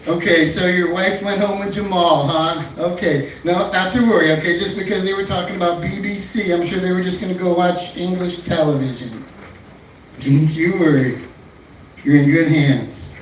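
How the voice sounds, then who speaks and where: Guy doing standup, kinda high voice, crude rambling bits, mic far off w/ faint hiss. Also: fairly even intonation, moderate pace. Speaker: stand-up comic. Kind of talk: stand-up comedy set. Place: small comedy club stage. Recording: echoey room, far-off mic, faint noise.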